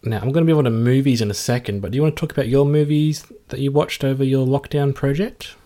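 A man's voice: mid-range voice, fairly even intonation, quick pace, mellow. Chatty man hosting a podcast. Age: adult, works at a university. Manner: chatty, laughs often, hesitant fillers. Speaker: podcast host. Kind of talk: casual chat.

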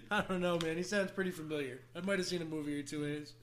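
High-voiced joking man. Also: steady tone, fast talker, a bit bright, a little hiss or hum. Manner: joking, teasing, swears often. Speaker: podcast co-host. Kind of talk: casual banter.

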